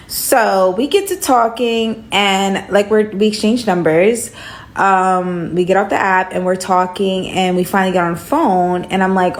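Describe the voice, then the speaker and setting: Unhurried, a young woman shares a laid-back storytime in slang, voicing the dialogue with abrupt rises in pitch.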